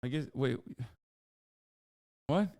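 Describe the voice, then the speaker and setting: A man's voice: medium pitch, animated, very slow, mellow, no room sound, studio quality. A man hosting a live stream, reacting to clips with sarcastic, sweary commentary. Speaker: streamer host.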